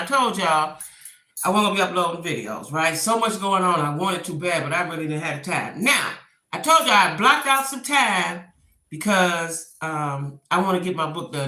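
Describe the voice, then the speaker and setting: A woman's voice: on the low side, bright, forceful tone, distant mic. A middle-aged woman, chatting casually and exasperated to her live stream viewers from home. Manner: exasperated, talks to viewers directly. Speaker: vlogger. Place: home room. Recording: roomy, away from the mic.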